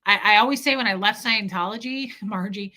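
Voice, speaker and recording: A woman's voice: mid-range voice, brisk, sharp tone. A woman hosting a casual livestream, chatting candidly and reacting to viewer comments and super chats.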